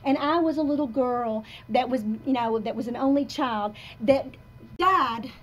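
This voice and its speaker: Speaking a little slowly in a high voice, a roughly sixty-year-old motivational speaker addresses a live coffee-shop audience. Her delivery is confessional and emphatic, rising and falling between quiet and loud, and the recording has its highs cut off.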